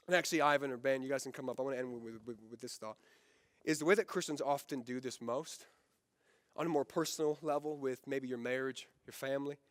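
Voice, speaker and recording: High-voiced pastor preaching fast. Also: male voice, bright, forceful tone, no echo, studio quality, big-room sound. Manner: fast, emphatic preaching with frequent "right?" asides. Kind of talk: sermon. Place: church sanctuary.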